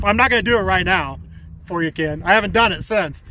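Man, 40s, high-pitched; loose, filler-heavy vlog storytelling outdoors. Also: brisk, noisy background. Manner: rambling, full of fillers and restarts. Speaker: vlogger. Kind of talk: casual storytelling to camera. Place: outdoors by a community pool.

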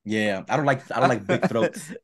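A man's voice: mid-range voice, animated, moderate pace, husky. A man co-hosting a podcast, chatting casually and gushing with lots of stumbling restarts. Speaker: podcast co-host. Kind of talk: casual chat.

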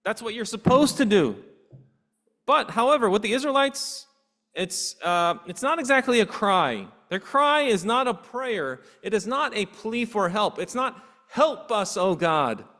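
A man's voice: sits high, lively intonation, measured pace, bright, forceful tone. A man pastor preaching a sermon earnestly, asking his congregation rhetorical questions. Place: church sanctuary. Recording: long hall reverb in a church.

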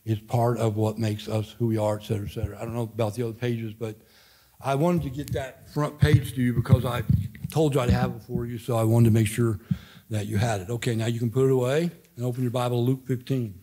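A Midwestern American man in his fifties leads a casual church Bible study as pastor emeritus. His mid-pitched voice rambles in a folksy way, often stopping partway through a thought and starting over. He speaks to a class gathered in a church room. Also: level tone, fast talker, dark tone, slightly rough. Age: 50s. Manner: folksy, rambling, self-interrupting. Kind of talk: informal Bible study teaching.

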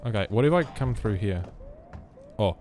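A man's voice: lowish voice, expressive, moderate pace, darkish tone. Australian male streamer, scared horror gameplay commentary, jumpy and swearing, faint background hiss. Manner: jittery, swears a lot, nervous joking.

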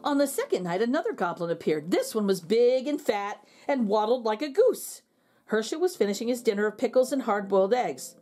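Slowly and expressively, a slightly high-voiced woman reads from a children's picture book in storytelling fashion.

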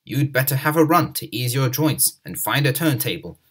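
A man playing a stout, gruff railway boss from a storybook who barks out commands. His voice is husky and moves up and down lively. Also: medium pitch, normal speed. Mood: kind. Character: grumpy stout male railway director.

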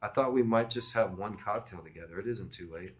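Teen boy playing it suave and grown-up, slightly low, read by a man; audiobook dialogue. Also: a little fast, lightly acted. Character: smooth-acting teenage boy faking a mature voice. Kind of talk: audiobook reading.

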